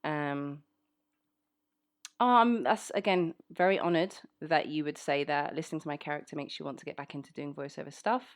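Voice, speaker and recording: Low-voiced South London woman, chatty. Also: moderate pace. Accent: South London English, fairly well-spoken. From South London, England. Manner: chatty, frank, many "um"s, reads questions aloud. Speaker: voice actor answering listener questions. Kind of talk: casual Q&A chat.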